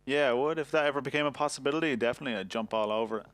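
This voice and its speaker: A man's voice: mid-range voice, racing, a bit bright, no echo. A man in a casual chat, easygoing and enthusiastic.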